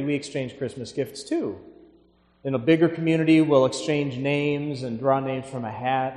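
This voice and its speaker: A Catholic clergyman reading the Gospel in a measured, solemn way, then telling lively anecdotes in his homily. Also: fairly high pitch. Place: large church. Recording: echoey church with long reverb.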